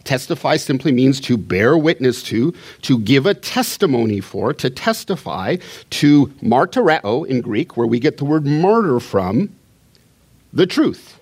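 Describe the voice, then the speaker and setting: Animated man teaching a sermon. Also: medium pitch, a little slow, breathy edge. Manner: conversational Bible teaching, paraphrasing and restarting. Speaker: preacher.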